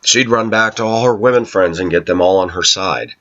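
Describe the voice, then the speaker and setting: A man talking to his viewers in a long personal monologue, aggrieved and telling his side, often clearing his throat. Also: low-pitched, brisk, fairly bright tone. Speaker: vlogger addressing viewers. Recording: slightly dull lo-fi recording.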